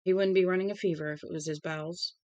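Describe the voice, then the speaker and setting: A woman's voice: fairly low pitch, fairly even intonation, fast talker, mellow, no room sound, highs cut off, lightly acted. A woman reading aloud voicing a worried young woman. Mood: concerned.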